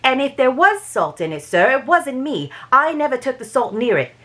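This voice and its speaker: A woman reading aloud and voicing a nervous young housemaid who blurts out her answers, in a higher voice than her own. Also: sing-song, normal speed, pushed and bright, full character voice. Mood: flustered. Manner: blurting, defensive.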